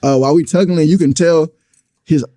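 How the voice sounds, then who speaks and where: A man's voice: on the high side, a little fast, warm tone. A young man telling a story in a blunt, profane, casual way, often acting out what people said. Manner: blunt, profane, recounting events with acted quotes. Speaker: storyteller in an interview clip.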